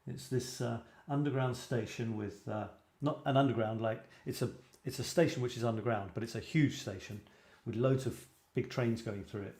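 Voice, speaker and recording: British male host, mellow voice, rambling and self-deprecating, roomy echo. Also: mid-range voice, fairly even intonation, moderate pace, hardly any pauses. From Britain. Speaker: host of a photography show. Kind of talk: casual livestream chat. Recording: echoey room.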